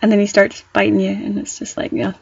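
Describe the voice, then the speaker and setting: A young woman co-hosting a podcast, chatting in a giggly, excitable and playful way. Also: medium pitch, fast, creaky, breathy edge, dry recording. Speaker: podcast co-host. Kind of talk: casual chat. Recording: dry, dull lo-fi sound.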